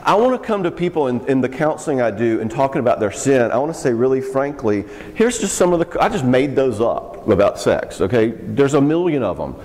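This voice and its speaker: Male teacher, frank and wry, mid-pitched, in a hall with long reverb. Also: big pitch swings, darkish tone. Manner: frank, joking, quick asides. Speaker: speaker teaching youth workers. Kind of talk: casual teaching talk.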